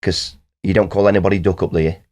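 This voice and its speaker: Deep-voiced Nottinghamshire man telling stories. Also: level tone, fast talker, darkish tone. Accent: Nottinghamshire English. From Nottinghamshire, England. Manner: rambling storyteller, laughs often. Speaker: band guest. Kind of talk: casual podcast chat.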